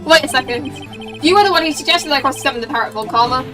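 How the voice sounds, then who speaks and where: Lady doing a determined young lawyer guy, earnest, highish voice, mic kinda far. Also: quick pace, lightly acted. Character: bold young male defense lawyer. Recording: distant mic with game music.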